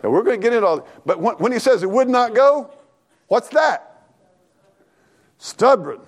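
A man preaching an animated, folksy sermon in church, talking back and forth with the congregation and laughing along. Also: very high-pitched, normal speed. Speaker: pastor.

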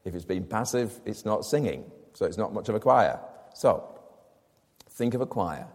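A man's voice: lowish voice, lively intonation, moderate pace, a little mellow, in a large hall. A man preaching a sermon to his congregation, explaining a scripture passage with rhetorical questions and emphatic repetition. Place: church.

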